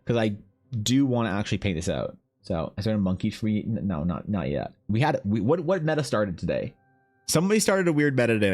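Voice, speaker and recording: A man streaming live as he draws, talking casually to himself and his chat, rambling and swearing freely. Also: lowish voice.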